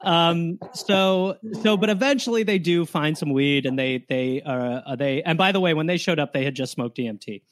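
A man's voice: on the high side, normal speed, hardly any pauses. A man hosting a comedy podcast, telling a history story in a loose, joking way with asides. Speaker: podcast host.

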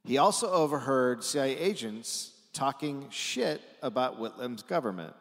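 Sex: man. Role: comedy podcast host. Style: live comedic history storytelling. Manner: lively swings in pitch, casual swearing. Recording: live stage, long hall reverb. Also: normal speed. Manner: animated, swears casually, dry asides.

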